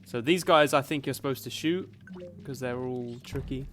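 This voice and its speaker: A man with a softened Essex accent, chatting casually to viewers while streaming a game, rambling with plenty of fillers. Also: on the high side, expressive, normal speed, a little hiss or hum. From Essex, England. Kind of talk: casual live gameplay chat.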